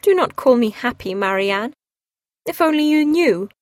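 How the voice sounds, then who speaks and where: A steady, sensible young woman, earnest and gently firm, as a woman reader voices her. The voice is a little high and close, with a dry storybook sound. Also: moderate pace, no room sound, natural voice.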